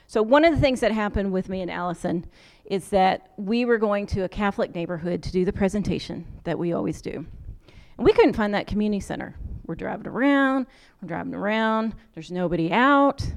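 An American woman in a conversational lecture, telling stories from her travels as a social worker. Her voice sits at an ordinary middle pitch, and she talks easily, slipping into lively voices to quote people. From United States. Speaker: social work professor. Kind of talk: storytelling lecture.

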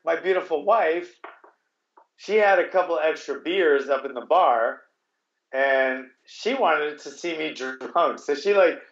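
A man's voice: a little high, fairly bright tone. Man rambling through a story, roomy dull sound. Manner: rambling, with restarts and swearing. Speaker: guest telling a story. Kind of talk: casual storytelling.

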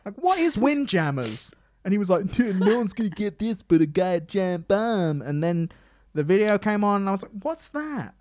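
A man's voice: high voice, expressive, a little fast, darkish tone, dry recording, clean studio sound. A man co-hosting a casual podcast chat, ranting and swearing, acting out what others said. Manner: ranting, sweary, mimics people in quotes. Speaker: podcast co-host.

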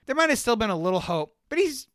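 A man's voice: high voice, fast, no echo, clean studio sound. A young man co-hosting a podcast, telling a long story in casual, profane chat and acting out what people said. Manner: animated, profane, acts out quoted dialogue. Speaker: podcast co-host.

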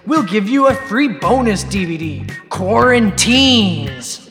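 A man voicing a sleazy late-night infomercial announcer in a raspy, smarmy hard-selling delivery for a mock commercial, over backing music. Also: high-pitched, animated, takes it slowly, voice pushed up, exaggerated voice. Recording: reverberant with loud music bed.

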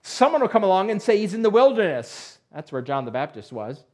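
A man's voice: sits high, very animated, fairly quick, darkish tone. A man preaching a sermon to his congregation, conversational with dry asides and emphatic rhetorical questions. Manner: conversational with dry asides and self-deprecating humor. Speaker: pastor.

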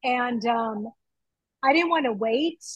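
A middle-aged woman chatting excitedly from her home kitchen over a video call, through earbuds. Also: a little high, slow pace, dry recording, muffled recording. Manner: chatty, excitable, laughs easily. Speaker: guest.

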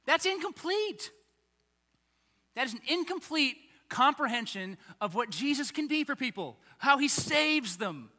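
A man preaching a conversational, animated sermon as pastor, acting out little voices along the way. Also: extremely high pitch, moderate pace, hardly any pauses. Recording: long hall reverb.

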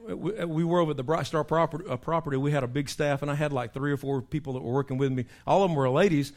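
A man, a pastor preaching in a folksy, animated storytelling way, breaking into animal call imitations. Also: on the high side, fast talker.

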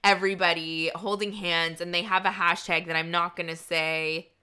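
A woman's voice: on the low side, fairly even intonation, moderate pace, pushed and bright, clear, resonant tone. A woman comedian co-hosting a podcast, talking casually with lots of fillers and restarts. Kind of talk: casual chat.

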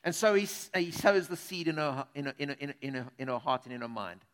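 Man preaching, chatty and animated, talks right to the folks, high bright voice. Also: fast talker. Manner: animated, conversational, addresses listeners directly. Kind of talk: sermon.

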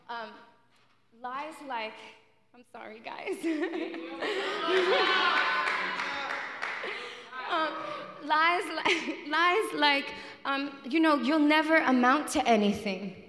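Woman preacher, 30s, storytelling sermon; unhurried, giggly delivery in a reverberant sanctuary. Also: on the high side. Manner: warm, giggly, animated storyteller. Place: church sanctuary. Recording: long reverb in a large hall.

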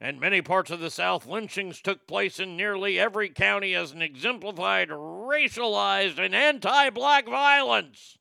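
A man's voice: high voice, normal speed, gravelly, hardly any pauses, sharp tone, no room sound. A man hosting a talk show, giving casual news commentary that rambles and stammers, with crude joking asides.

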